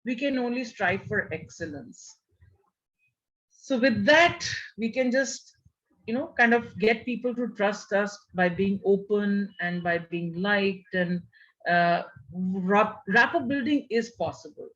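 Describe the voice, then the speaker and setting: A woman's voice: mid-range voice, slow pace, a bit bright. A middle-aged woman gives a motivational panel talk over a video call, quizzing her listeners and often saying "you know". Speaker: panel speaker. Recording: muffled video call audio.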